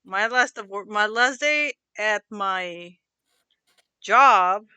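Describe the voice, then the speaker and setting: A young woman co-hosting a casual podcast, relaxed and swearing freely, often trailing off into laughs. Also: medium pitch, takes it slowly, clear, resonant tone, dry recording. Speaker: podcast co-host. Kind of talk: casual chat.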